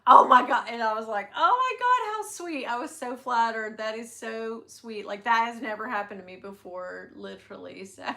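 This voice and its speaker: A woman, hosting her handbag channel's livestream and chatting casually, telling stories with quick asides to her viewers. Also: mid-range voice, vocal fry, sharp tone.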